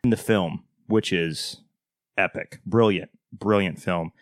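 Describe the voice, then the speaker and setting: A man's voice: low-pitched, slow, no room sound, clean studio sound. A man co-hosting a podcast, speaking earnestly and enthusiastically about the show's film. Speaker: podcast co-host. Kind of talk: interview chat.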